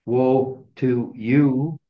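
Male Bible study teacher, relaxed conversational delivery with frequent restarts, slightly muffled recording. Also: mid-range voice, drawn-out words. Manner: conversational, repeats and restarts words. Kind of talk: casual teaching to a small group.

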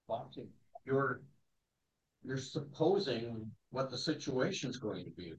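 A man's voice: mid-range voice, animated, takes it slowly. A man taking part in a Bible class, adding short comments of his own to the discussion. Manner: brief interjections, offers his own points. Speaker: class participant. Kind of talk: chiming in during a Bible class. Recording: distant, dull lo-fi recording.

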